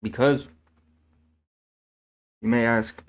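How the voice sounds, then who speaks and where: A man's voice: medium pitch, measured pace, pauses often. A man giving a casual, earnest faith talk, repeating himself and correcting his own slips as he goes. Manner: earnest, repetitive, preachy; self-correcting, fillers like "man". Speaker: channel host sharing faith.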